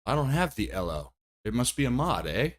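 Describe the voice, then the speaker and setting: A man's voice: medium pitch, sing-song, brisk. A man giving casual commentary while streaming a game, chatty and thinking aloud, often laughing at himself. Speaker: livestreamer.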